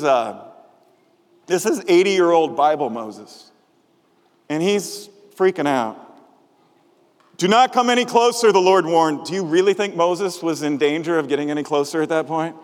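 High-voiced guy preaching, chatty and joking, asks the crowd stuff, long hall echo. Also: a little mellow. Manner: conversational, humorous, asks the congregation questions. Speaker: pastor. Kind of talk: sermon. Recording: long reverb of a large hall.

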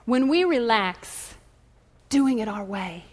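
A woman pastor preaching a sermon, telling stories with lively asides and calling out to the congregation in a church. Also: on the high side, slow. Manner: animated storytelling with audience call-outs. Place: church hall. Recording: echoey hall.

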